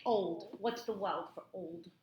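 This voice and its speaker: A woman tutoring a child in phonics one-on-one, patient and encouraging, repeating words slowly in a classroom. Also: medium pitch, a little mellow. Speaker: reading tutor. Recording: echoey room, faint noise.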